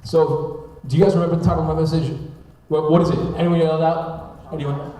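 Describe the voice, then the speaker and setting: A young man preaching a sermon, telling a personal story in a chatty, animated way. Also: fairly high pitch, fairly quick. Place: church sanctuary. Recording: echoey church hall from far off.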